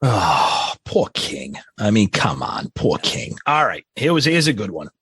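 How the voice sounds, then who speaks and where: A man's voice: fairly low pitch, sing-song, unhurried, vocal fry, a bit bright, husky, no room sound. A man co-hosting a casual podcast, reading listener questions in a blunt, profane way. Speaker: podcast co-host.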